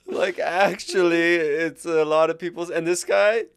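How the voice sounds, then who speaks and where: Guy cohosting a chill podcast, smooth resonant voice, dry close sound, laughs a lot. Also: fairly high pitch, steady tone, unhurried, no room sound. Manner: laughs often while telling customer stories. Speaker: podcast co-host. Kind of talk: casual chat.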